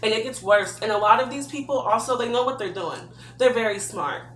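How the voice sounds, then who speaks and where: A woman's voice: fairly high pitch, fairly quick, fairly bright tone. Earnest woman vlogging in an echoey room. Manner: earnest, heartfelt advice from experience. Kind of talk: personal advice vlog.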